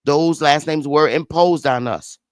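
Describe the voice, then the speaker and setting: A man's voice: a little high, a little slow, clear, resonant tone, no echo. A man hosting a livestream, arguing his point in a heated casual debate, emphatic, slangy and repeating himself. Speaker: livestream host. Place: home studio.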